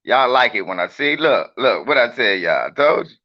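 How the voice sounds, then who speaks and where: A man's voice: medium pitch, big pitch swings, moderate pace, lo-fi sound. A man chatting on a livestream in a brash, profane, joking way and teasing his viewers. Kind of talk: casual livestream chat.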